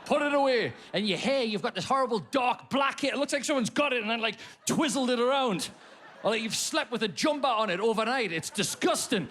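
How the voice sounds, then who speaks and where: A man doing a stand-up comedy routine on a theatre stage, with animated ranting and sudden shouts. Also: extremely high pitch, a little fast. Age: 30s.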